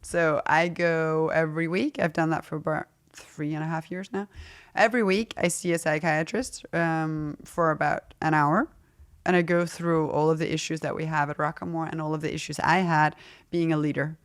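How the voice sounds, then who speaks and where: A woman's voice: low voice, steady tone, normal speed. A middle-aged woman speaking frankly and casually as an interview guest, laughing often as she talks. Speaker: fashion brand founder, guest.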